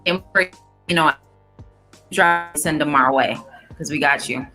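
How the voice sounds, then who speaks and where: A woman's voice: low-pitched, a little slow, over music. A female co-host chiming in with upbeat, encouraging remarks. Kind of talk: casual interview talk.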